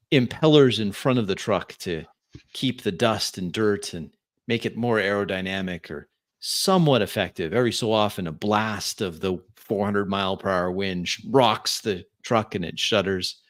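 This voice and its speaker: A man's voice: fairly low pitch, unhurried. A man narrating as a tabletop game master, in a loose way full of fillers and restarts.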